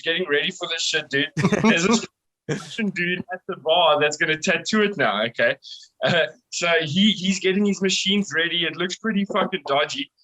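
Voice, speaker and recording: A young South African man, a band vocalist, telling a wild tour story in casual, excitable talk, swearing freely and laughing often. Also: on the high side, low-quality recording.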